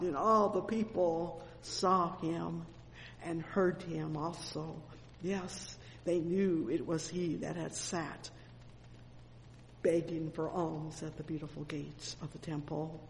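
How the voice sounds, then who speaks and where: A woman's voice: sits low, steady tone, takes it slowly, gravelly, slight background noise. A woman preaching a sermon with fervent exclamations, reading scripture and retelling it. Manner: fervent, frequent exclamations of "oh" and "amen". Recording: long hall reverb with faint ambience.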